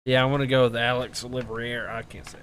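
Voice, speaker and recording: A man's voice: mid-range voice, flat delivery, fast, a bit bright, a little hiss or hum. A young man co-hosting a casual chat show, laid-back and teasing. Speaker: podcast co-host.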